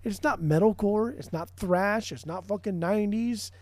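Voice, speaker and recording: Man, podcast co-host, warm mellow tone, dry close sound, rambling and swearing. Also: sits high, moderate pace, dry recording. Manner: rambling, swears often, restarts a lot. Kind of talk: casual music chat.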